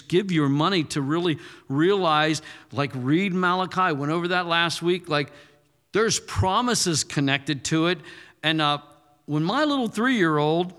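Male pastor, thirties, bright tone, long church-hall reverb, conversational with forceful peaks. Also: fairly high pitch. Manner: conversational, punchy, rising to forceful declarations. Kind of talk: sermon.

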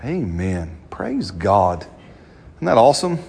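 During a church service, a pastor with a medium-pitched, animated voice preaches with fervor, lingering slowly over scripture lines and peppering them with amens.

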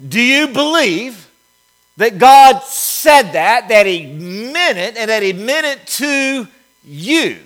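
A man's voice: sits high, a bit bright. A male pastor preaching a sermon to his congregation, repeating lines with emphasis. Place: church sanctuary.

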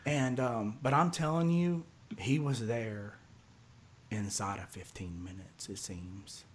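A man's voice: fairly low pitch, slow. Man rambling through a story. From Houston area, Texas. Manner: rambling, repeats words, acts out others' lines. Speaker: podcast guest telling a story. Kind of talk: casual storytelling.

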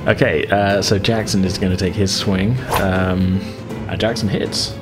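A man narrating as game master of a tabletop game, relaxed and rambling. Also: low voice, unhurried, over music. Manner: relaxed, rambling, hedging with fillers.

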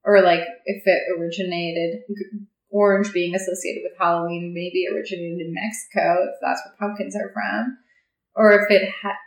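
A woman's voice: fairly low pitch, level tone, normal speed, roomy sound, rough recording. A woman co-hosting a casual podcast chat, rambling and curious, laughing often and swearing freely.

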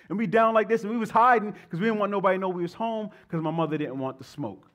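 A man in his thirties, a pastor leading prayer and then telling stories to his congregation in an animated, conversational way. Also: sits high, fast talker, few pauses. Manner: animated, conversational preaching with playful asides to the congregation. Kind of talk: sermon with prayer and storytelling.

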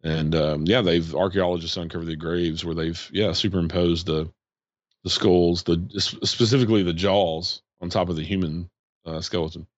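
A man's voice: deep voice, steady tone, normal speed, no room sound, dull audio. A man, chatting casually on a podcast and rambling with many fillers. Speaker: podcast host. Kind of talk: casual chat.

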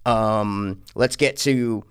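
A man's voice: very slow, clear, resonant tone. A man casually reviewing a horror movie on a podcast, ranting and swearing, acting out scenes. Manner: ranting, profane, acts out scenes in high voices. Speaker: podcast co-host.

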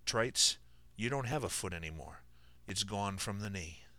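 A man's voice: on the low side, lively intonation, normal speed, sharp tone, dry recording. A man voicing a stern army surgeon who speaks in firm, blunt orders.

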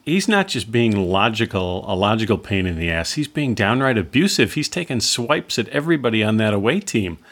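Sarcastic male reviewer host, exasperated, lively voice that jumps around. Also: medium pitch. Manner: sarcastic, exasperated, does mocking impressions. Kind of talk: casual comedic review.

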